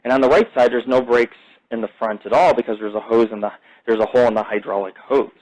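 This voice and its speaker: A male podcast host rambling through a casual monologue, swearing freely and wandering from one topic to the next. His pitch sits right in the middle for a man. The delivery is loose, unscripted and conversational. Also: fast, a little mellow, low-quality recording. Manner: profane, rambling, jumps between topics.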